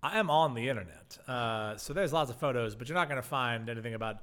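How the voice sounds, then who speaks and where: A man's voice: medium pitch, animated, fast talker, fairly bright tone. A man co-hosting a comedy podcast, talking in a dry, hesitant way with stammered restarts. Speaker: podcast co-host. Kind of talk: comedic casual chat.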